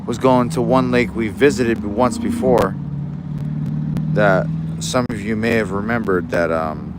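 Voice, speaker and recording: Outdoors in the rain, a young man in Alaska chats on a fishing livestream recorded on his phone. His medium-pitched voice comes through a very noisy recording, and he rambles in an easygoing way, restarting often.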